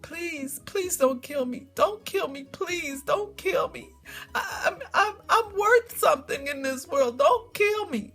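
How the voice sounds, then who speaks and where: Woman doing a terrified animal, high and tearful, pleading to be spared. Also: animated, slow, a bit bright, soft background music, exaggerated voice. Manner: pleading, trembling, near tears. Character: terrified animal in a slaughter pen, begging for life.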